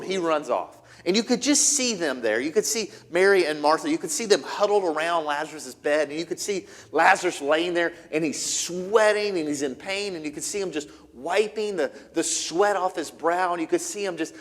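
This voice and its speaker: Man, pastor mid-sermon: slightly high voice, dramatic storyteller who drops to a hush, ringing hall. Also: expressive, normal speed, few pauses. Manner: dramatic storytelling, swings from loud to hushed. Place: church.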